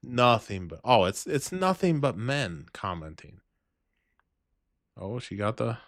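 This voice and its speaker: A man's voice: medium pitch, very animated, slow, long pauses, a bit bright, no room sound, studio quality. A man hosting a livestream, reacting to videos with crude, mocking commentary and muttered asides.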